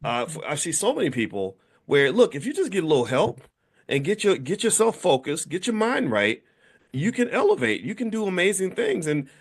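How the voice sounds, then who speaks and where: A man's voice: high-pitched, big pitch swings, fairly quick. A middle-aged man hosting a casual conversation, talking in a rambling way with many restarts and fillers. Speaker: host, founder of a business school.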